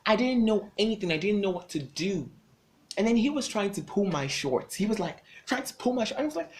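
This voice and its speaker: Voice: mid-range voice, big pitch swings, brisk. A young adult vlogger telling a personal storytime to camera, with dramatic, emphatic delivery, loose casual phrasing and lots of repetition.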